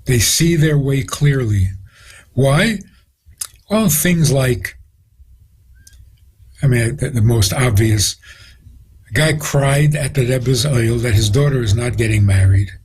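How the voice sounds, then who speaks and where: A man's voice: mid-range voice, slow, pauses often, a little mellow, husky, low-quality recording. A rabbi, a man, tells stories with quoted dialogue as a guest on a radio interview. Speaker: rabbi answering questions as a guest.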